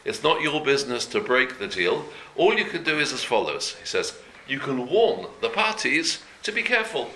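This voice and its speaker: A man's voice: mid-range voice, very animated, normal speed, bright, forceful tone, a little hiss or hum. A man teaching a daily Jewish law class in an earnest, conversational way, repeating and rephrasing each point as he explains it. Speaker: Torah teacher. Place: room before a talk.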